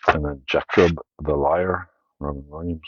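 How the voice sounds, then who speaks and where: A man's voice: very deep voice, fairly even intonation, unhurried, husky, no echo, muffled recording. A Canadian man hosting his own channel, casually rambling through his film collection with many fillers and self-corrections.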